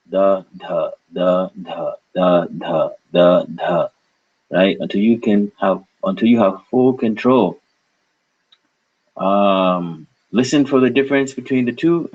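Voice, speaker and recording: A man giving a language lesson, patiently drilling syllables and repeating words slowly for students to copy. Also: lowish voice, breathy edge, highs cut off. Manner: patient, drawn-out repetition of syllables. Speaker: language teacher. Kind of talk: slow pronunciation lesson with drills.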